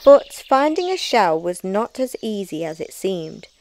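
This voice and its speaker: A woman reading a children's picture book aloud in a slow, expressive storybook way. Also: mid-range voice, a little hiss or hum.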